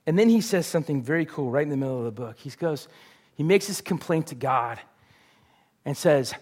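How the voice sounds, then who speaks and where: Earnest pastor preaching, higher-pitched man. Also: expressive, brisk, darkish tone. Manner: earnest, confessional, swells to emphatic peaks. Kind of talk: sermon.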